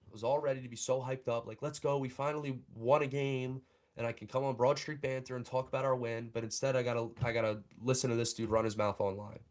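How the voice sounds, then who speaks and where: A man's voice: medium pitch, steady tone, fast, few pauses. A young man hosting a fan show, ranting angrily and heatedly about a sports analyst. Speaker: fan podcast host. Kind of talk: livestream rant.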